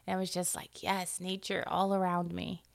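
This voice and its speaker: A woman with a gravelly, fry-tinged voice co-hosts a casual podcast and tells lively stories. She is recorded in a dry, close sound, and she slips into the voices of the people she talks about. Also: on the low side, moderate pace, no echo. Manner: lively storyteller who acts out other people's voices. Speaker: podcast co-host. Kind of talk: casual chat.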